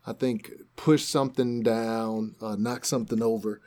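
A podcast co-host casually retells a news story in a conversational way, acting out the quotes. His voice is lowish and warm, fairly even in intonation, and unhurried.

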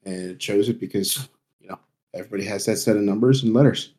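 A man's voice: fairly low pitch, fast, dark tone. A man talking plainly as a guest on a casual streaming podcast.

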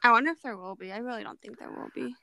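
Young woman co-host, easygoing retelling, slightly high voice. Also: racing, creaky, no room sound. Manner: relaxed, agreeing, retells scenes. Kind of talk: casual chat.

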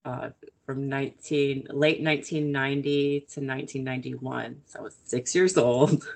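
A woman's voice: rumbling low, fairly even intonation, normal speed, gravelly, a little mellow. A woman in her thirties, co-hosting a podcast, chatting and telling stories with frequent laughter. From grew up in Italy in a military family. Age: 30s. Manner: chatty, laughs often, storytelling. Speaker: podcast co-host. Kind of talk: casual chat.

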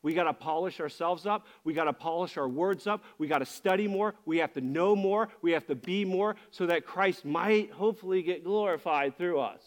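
High-pitched guy preaching, passionate and honest, talks straight to the church. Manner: passionate, candid. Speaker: pastor. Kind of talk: sermon.

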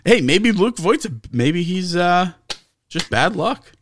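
A man's voice: high voice, expressive, slow pace, a little hiss or hum. A man co-hosting a sports talk show, ranting with heavy swearing and sarcasm. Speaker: sports podcast co-host. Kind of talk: heated sports talk rant.

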